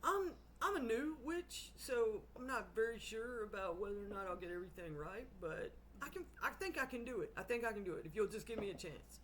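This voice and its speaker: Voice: medium pitch, expressive, fairly quick, hardly any pauses, a bit bright, slight background noise, pitched above the performer's own voice, close to an everyday voice. A storyteller voicing a young, inexperienced witch who is hesitant but eager to help.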